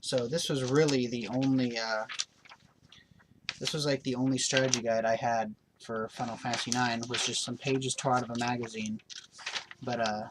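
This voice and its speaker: A man's voice: mid-range voice, fairly even intonation, moderate pace, background noise. A man hosting a gaming channel, giving casual show-and-tell in a blunt, opinionated, rambling way.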